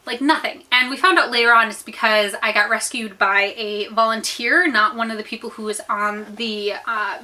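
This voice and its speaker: A young American woman telling a story to her viewers in a chatty, animated way with many fillers while she eats. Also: fairly high pitch, normal speed, hardly any pauses. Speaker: vlogger. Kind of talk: storytime chat while eating.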